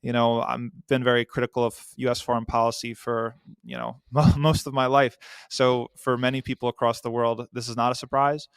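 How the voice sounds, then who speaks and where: A man speaking as a podcast guest, answering in an earnest, measured way with some fillers. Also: medium pitch, little pitch movement, gravelly, clean tone, no echo, studio quality.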